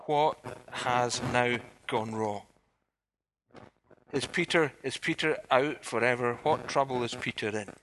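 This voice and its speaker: A man preaching to his congregation, with a bright, forceful tone at an ordinary middle pitch. He keeps turning to the listeners with direct, searching questions. This is a sermon from a church service. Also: a little slow, a little hiss or hum. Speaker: pastor.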